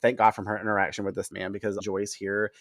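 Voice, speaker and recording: A man hosting a casual recap podcast, telling the story of an episode in an animated way and swearing freely. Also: on the low side, fast talker, dry recording, studio quality.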